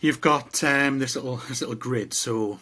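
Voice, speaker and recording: A middle-aged man co-hosts a casual podcast chat, his medium-pitched voice pushed and bright at a normal speed. He sounds reflective and rambling, often restarting his sentences.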